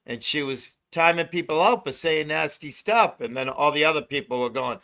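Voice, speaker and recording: Chatty older man, bright voice. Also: mid-range voice, lively intonation, moderate pace, gravelly. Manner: loose, profane, laughs a lot. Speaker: livestream host. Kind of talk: casual livestream chat. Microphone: phone.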